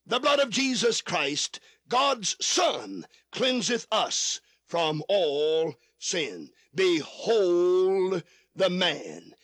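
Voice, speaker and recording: Male radio preacher, fervent and repetitive, high animated voice, slow deliberate delivery, dry studio sound. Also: dry recording. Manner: fervent, repetitive, rising to shouts. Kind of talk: radio sermon.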